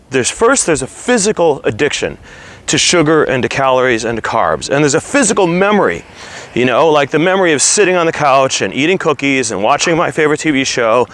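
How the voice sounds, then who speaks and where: A man vlogging candidly about his weight, earnest and halting. He is slightly out of breath from walking while he talks. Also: mid-range voice, a bit bright. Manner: earnest, halting, restarts words while opening up. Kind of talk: candid confessional vlog.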